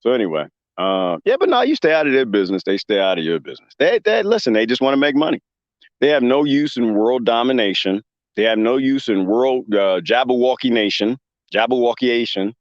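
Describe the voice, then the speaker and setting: Live-stream host, rambling and joking, very lively pitch, dull lo-fi mic. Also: male voice, fairly quick, dry recording. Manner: rambling, joking, laughs often, reads out chat.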